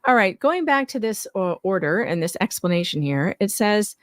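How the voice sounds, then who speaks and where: A woman's voice: medium pitch, big pitch swings, no room sound. Woman, plain voice, level commentator walking through a document. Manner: measured, explanatory.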